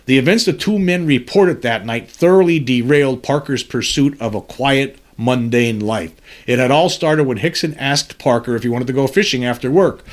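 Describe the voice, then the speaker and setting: A male podcast host who reads news stories aloud and then breaks off to comment on them. His commentary is earnest and somber, and his voice sits at an ordinary middle pitch. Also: normal speed. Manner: earnest, somber commentary between read passages. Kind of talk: reading news articles aloud with personal commentary.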